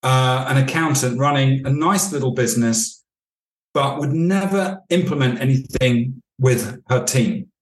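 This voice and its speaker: A man speaks as a podcast guest, a leadership coach with a middle-pitched voice. He tells stories in a measured way, acting out the dialogue. The recording has a noticeable room echo. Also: a little hiss or hum. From United Kingdom. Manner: storytelling, acts out dialogue. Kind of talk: podcast interview answers. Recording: echoey room.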